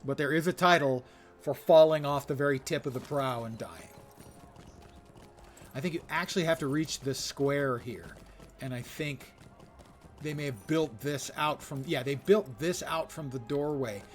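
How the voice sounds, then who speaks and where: A man's voice: mid-range voice, unhurried, faint music behind. An older man giving rambling, wry live commentary while he plays a game. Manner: wry, rambling, self-mocking asides. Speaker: game streamer.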